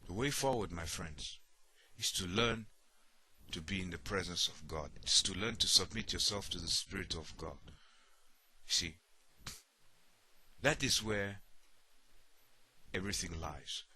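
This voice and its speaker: A man's voice: low voice, a little slow, pauses often, bright, forceful tone, husky. A man preaching a sermon, often repeating himself and asking "you see?", acting out the worried voices of others.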